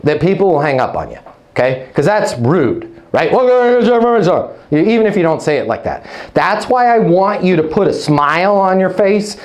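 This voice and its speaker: Punchy, energetic male leasing trainer. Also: on the high side, normal speed. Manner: energetic, punchy, checks in with 'okay? right?'; hypes up listeners with playful nicknames. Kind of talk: live online training talk.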